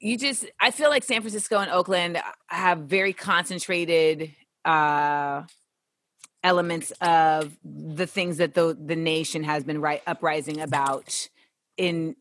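Bright, animated woman host. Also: deep voice, unhurried. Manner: animated, laughing, slangy. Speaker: podcast host. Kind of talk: casual interview chat.

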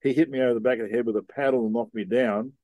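A middle-aged man, telling a story in a relaxed, rambling way with slang, as a podcast guest. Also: medium pitch, rapid-fire, no room sound. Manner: laid-back, rambling, with Aussie slang. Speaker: podcast guest, sea captain. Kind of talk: casual storytelling.

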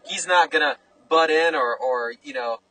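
A man's voice: a little high, moderate pace, pushed and bright, distant mic, slight background noise, poor audio. A young man, a race car driver, answering interview questions in an easygoing way with many fillers. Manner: easygoing, lots of "uh" and "you know". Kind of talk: casual interview.

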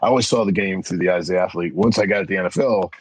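Middle-aged man, interview guest, low husky voice, dry close sound, lively storyteller. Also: rapid-fire, no echo, poor audio. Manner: animated, acts out voices in anecdotes. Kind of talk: casual storytelling.

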